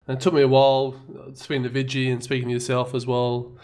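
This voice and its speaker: A man's voice: medium pitch, monotone, quick pace, darkish tone. A man, joking and swearing in casual podcast chat. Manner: banter-heavy, says "mate" a lot, swears. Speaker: podcast guest, video maker.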